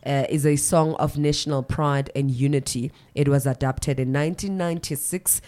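A woman's voice: deep voice, fairly even intonation, moderate pace, mellow. A woman hosting a morning radio show, chatty, with fillers and self-corrections. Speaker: radio host. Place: radio studio.

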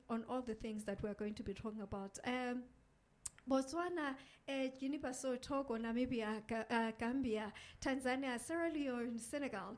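Female radio host, higher voice, energetic studio presenter. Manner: energetic, upbeat, lists off places with flair.

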